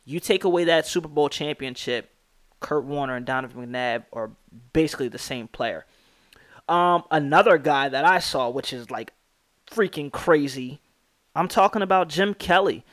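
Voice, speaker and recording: A man's voice: on the high side, moderate pace, fairly bright tone, no echo. A young American man hosting a sports podcast, talking casually and with strong opinions, rattling off stats and slang. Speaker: podcast host.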